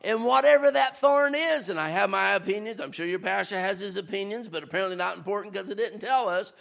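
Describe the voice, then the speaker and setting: Man, guest preacher, sermon, very high voice, gravelly, conversational, builds to shouts. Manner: conversational and animated, rising to shouts; reads scripture in a lower, slower voice.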